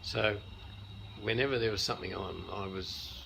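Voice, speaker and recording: An older Australian man in an interview, telling stories in a relaxed, anecdotal way. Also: lowish voice, normal speed, creaky, background noise. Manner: anecdotal, many restarts and chuckles. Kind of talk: casual storytelling.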